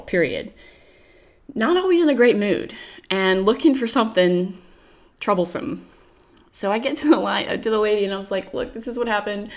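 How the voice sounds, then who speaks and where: American woman telling a story on a podcast, lively, keeps laughing, does little voices for people. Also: mid-range voice. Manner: animated, laughs often, acts out quoted voices. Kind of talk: casual storytelling.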